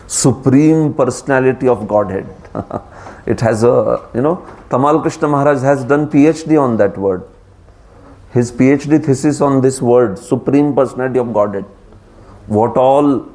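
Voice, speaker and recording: A man with an Indian accent lectures a scripture class at a mid pitch for a man. He talks in a lively way, laughs often and keeps turning questions to his students. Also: vocal fry. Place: class streamed live.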